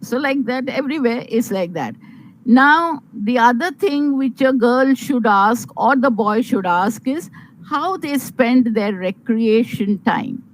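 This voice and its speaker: An older woman with an Indian English accent, giving earnest, measured, motherly advice on marriage to young unmarried women, with some fillers. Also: on the high side, expressive, rough recording. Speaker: guest advising on marriage.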